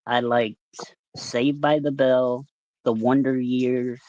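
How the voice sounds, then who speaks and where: A person in their forties with a mid-range voice, reminiscing calmly about growing up. The sound is dry and a little dull and lo-fi. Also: medium pitch, takes it slowly, dry recording. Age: 40s. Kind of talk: casual group chat.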